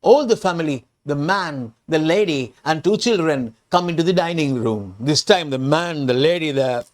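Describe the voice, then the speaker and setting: A Sri Lankan English-accented man teaching English, retelling a storybook and explaining each word. He talks slowly and repeats himself with many restarts, in a voice a little higher than most men's. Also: animated. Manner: slow, repetitive explanations with restarts.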